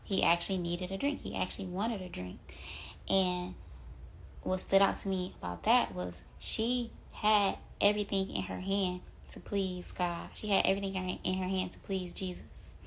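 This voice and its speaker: A woman's voice: medium pitch, little pitch movement, moderate pace, creaky. A young woman giving an earnest, rambling devotional talk into her phone, full of "like" and "you know". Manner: earnest, rambling, heavy use of 'like' and 'you know'. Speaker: vlogger sharing a devotional message.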